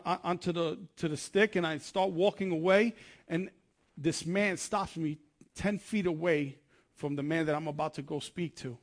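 A man preaching a sermon, telling his testimony in an earnest, conversational way and often restarting his sentences. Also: a little high.

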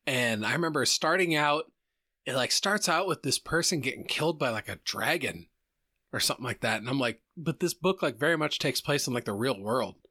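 A man in casual podcast chat, telling stories with lots of swearing and animated retelling. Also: medium pitch, a little fast, dry recording, studio quality. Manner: profane, animated storytelling. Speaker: podcast co-host.

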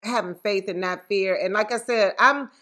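A woman co-hosting a casual podcast chat, telling stories in a lively, animated way. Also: mid-range voice, normal speed. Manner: lively storytelling, animated exclamations. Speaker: podcast co-host.

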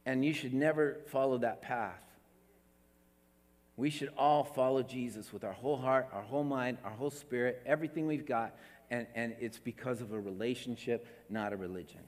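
A man preaching a sermon as a pastor, emphatic, repeating words and swinging between raised and hushed delivery. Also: medium pitch, moderate pace, in a large hall.

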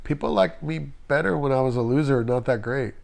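A man from Las Vegas, a tattoo artist, telling stories in a casual, animated, profane way. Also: mid-range voice, brisk, creaky. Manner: animated, profane, acts out quotes. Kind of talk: casual storytelling.

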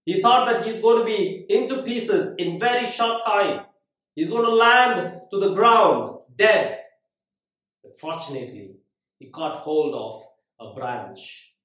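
Dramatic preacher in an echoey hall. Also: male voice, fairly high pitch, expressive, unhurried. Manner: dramatic, swinging from loud to very quiet. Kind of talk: sermon storytelling. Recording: very echoey room.

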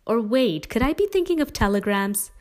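A woman voicing a calm, dryly humorous mother in a family story. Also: a little high, moderate pace, voice pushed up, lightly acted. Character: wry, calm middle-aged mother.

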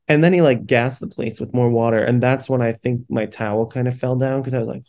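A young man at mid pitch, hosting his own podcast and telling an embarrassing story on himself. He talks casually and candidly, swears freely and keeps breaking into laughter at his own expense. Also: fairly quick, a little mellow. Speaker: podcast host.

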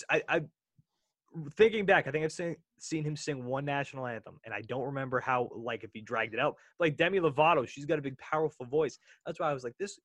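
A man co-hosting a sports podcast, talking in an excitable, rambling way that keeps doubling back on itself. His voice sits a little on the high side, and the sound is dry and close. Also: dry recording. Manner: rambling, self-correcting, excitable. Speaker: podcast co-host. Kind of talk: casual sports chat.

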